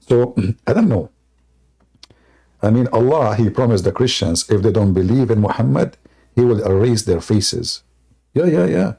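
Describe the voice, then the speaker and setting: A man's voice: lowish voice, expressive, moderate pace, vocal fry, long pauses, warm tone, breathy edge. A man hosting a live debate show, talking sarcastically and joking in non-native English, laughing at his own jokes. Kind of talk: mocking live debate monologue.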